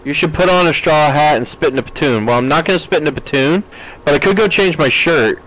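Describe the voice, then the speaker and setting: A gaming streamer with a fairly high, slightly bright voice speaks briskly over a rough recording. He's playing a farming game, reading chat comments aloud and replying with plenty of laughs in a casual way.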